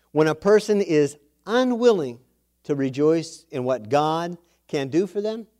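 A man preaching a sermon and telling a testimony, animated, with quoted dialogue and emphatic exclamations. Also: on the high side.

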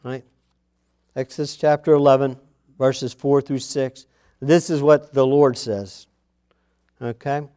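Slow, dramatic male preacher. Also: mid-range voice, fairly even intonation, clean tone. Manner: dramatic, shifts between loud declaring and hushed asides; reads scripture aloud with emphasis. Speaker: pastor. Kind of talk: sermon.

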